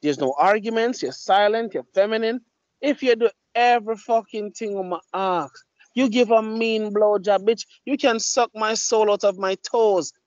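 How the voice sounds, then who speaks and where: A man's voice: high-pitched, moderate pace, no echo. A man hosting a podcast, telling blunt, profane stories in casual chat. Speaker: podcast host. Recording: dull lo-fi mic.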